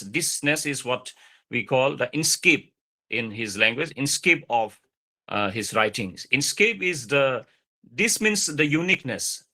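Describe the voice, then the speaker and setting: A man lecturing over a video call, explaining slowly with many fillers and repeated points. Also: mid-range voice, sharp tone.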